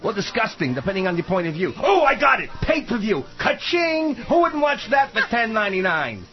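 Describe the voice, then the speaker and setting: A man's voice: high voice, very animated, a little fast, highs cut off, noisy background. A man voicing a crude, boastful old male showbiz manager as a radio comedy impression. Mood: gleeful. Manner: boastful, shouting, gleeful.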